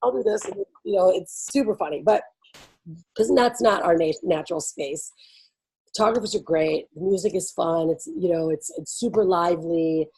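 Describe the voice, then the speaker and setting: This event host has a fairly low, slightly mellow voice with a breathy edge and speaks at a moderate pace. Bubbly and casual, she explains things to attendees, laughing a lot and leaning on "like" and "you know." Audio quality is poor.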